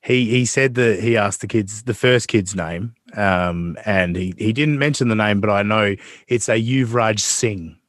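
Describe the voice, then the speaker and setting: A man's voice: on the low side, unhurried, few pauses, a bit bright, no echo, clean studio sound. A man co-hosting a podcast in casual chat, setting up clips and making jokes at his own expense. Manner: jokey, self-deprecating. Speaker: podcast co-host.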